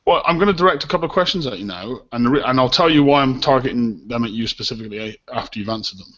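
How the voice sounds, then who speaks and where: A man hosting a casual group discussion, steering the talk with lively, giggly asides. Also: mid-range voice, quick pace, muffled recording. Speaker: discussion host.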